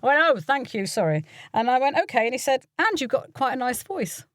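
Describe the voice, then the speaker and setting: Speaking fairly quickly in a high, very animated voice, an older UK voiceover artist and coach recounts stories casually for an interview. She acts out the people she quotes and laughs often. There's no echo, and the studio sound is clean.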